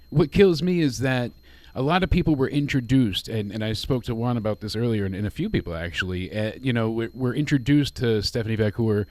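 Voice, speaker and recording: A man's voice: mid-range voice, fairly quick, darkish tone. A man co-hosting a casual wrestling review with a slightly froggy voice, rambling and repeating words as he talks. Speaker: podcast co-host.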